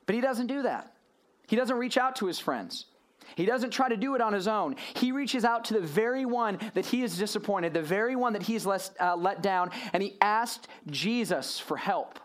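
A male pastor preaching a sermon to a room of listeners, animated and full of rhetorical questions, moving between hushed and raised delivery. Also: high voice, moderate pace. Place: church or youth gathering room.

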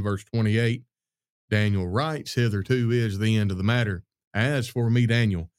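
A man talks through scripture on his podcast like a casual sermon. His manner is folksy and chatty, and by his own account he is a loud talker. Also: mid-range voice. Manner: folksy, conversational, calls listeners "y'all" and "buddy". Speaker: podcast host. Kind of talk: preaching-style podcast talk on scripture.

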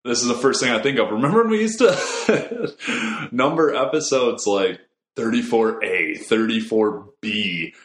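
A man's voice: medium pitch, lively intonation, measured pace, fairly bright tone, reverberant. A man co-hosting a podcast, looking back nostalgically and chuckling as he talks. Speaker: podcast co-host. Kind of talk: casual podcast chat.

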